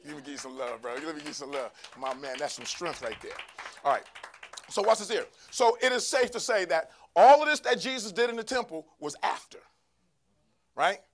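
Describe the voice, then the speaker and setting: A man preaching a sermon to a church congregation, calling for responses from the crowd and rising to shouts. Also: fairly high pitch, expressive, fairly quick, a little hiss or hum. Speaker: pastor. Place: church sanctuary.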